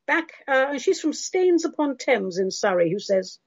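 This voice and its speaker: A woman's voice: high-pitched, sing-song, moderate pace, slightly rough, no room sound, lo-fi sound. A British woman hosting a spiritual call-in show, chatty and theatrical as she answers listeners, calling them love and darling. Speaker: host answering listener questions.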